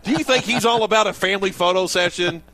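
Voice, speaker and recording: A man's voice: sits high, fast. A man co-hosting a sports radio show, ranting and mocking callers in casual banter. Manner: animated ranting, mocking impressions.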